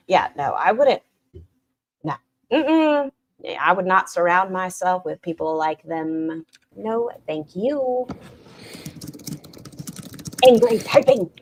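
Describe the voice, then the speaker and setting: A woman reacting to clips on a stream, sarcastic and swearing freely, swinging from loud bursts to muttered asides. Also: on the low side, slight background noise. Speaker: commentary streamer.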